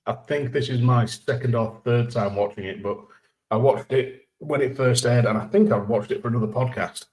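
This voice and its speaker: A man guesting on a casual podcast, giving dry, measured opinions. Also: mid-range voice, a little mellow.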